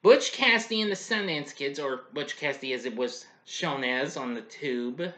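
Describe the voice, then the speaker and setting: A man's voice: medium pitch, expressive, normal speed, pushed and bright. A man hosting a casual spoken review of an old cartoon, rambling along with many "well" and "anyway" asides and frequent chuckles.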